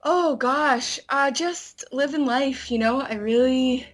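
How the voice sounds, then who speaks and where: A woman's voice: high voice, slow. A woman guesting on a podcast, chatting animatedly and laughing easily. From Canada. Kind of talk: casual chat.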